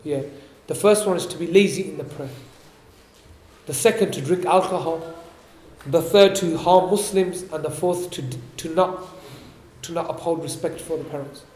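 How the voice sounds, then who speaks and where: A man giving a religious talk, explaining points and asking his listeners questions, reciting Arabic quickly before translating it. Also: a little high, darkish tone, roomy sound. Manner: explains and asks the audience questions. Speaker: religious teacher. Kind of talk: sermon. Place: event hall.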